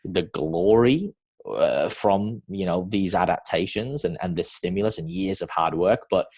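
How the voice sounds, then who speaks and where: Podcast host, male, from New Zealand; deep, husky voice, casual rambling delivery. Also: animated, measured pace, darkish tone. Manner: rambling, lots of fillers.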